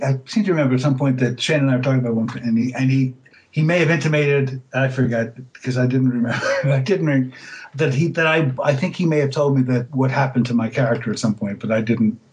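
A man of middle pitch chatting as an interview guest. He tells his stories loosely, stopping and restarting often, with lots of "um"s. He laughs easily along the way. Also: a little fast, poor audio. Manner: hesitant, many fillers and restarts; relaxed storytelling, laughs easily. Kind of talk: casual interview chat.

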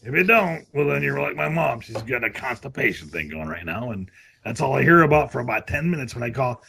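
A rowdy middle-aged man chatting on a podcast with a gravelly, husky voice. His pitch swings all over the place as he jokes, and he keeps slipping into cartoon impressions. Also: very animated, brisk, pushed and bright. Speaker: podcast guest, voice actor. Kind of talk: loose comic chat.

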